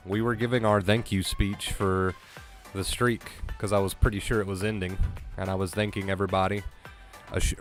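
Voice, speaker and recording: A man streaming live, chatting casually and thanking viewers with effusive emotion, his voice breaking at times. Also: on the low side. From US East Coast.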